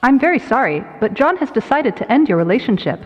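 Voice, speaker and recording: A woman playing a calm, courteous female AI phone assistant in a comedy sketch phone call. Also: a little high, fast, slightly rough, long reverb tail. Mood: polite.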